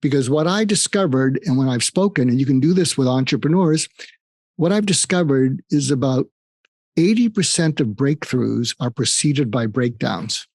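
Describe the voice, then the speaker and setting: A man's voice: mid-range voice, expressive, moderate pace, a little mellow, dry recording, studio quality. Older man, earnest storytelling psychiatrist. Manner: earnest, storytelling, emphatic with repetition. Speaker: psychiatrist guest. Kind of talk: conversational interview advice.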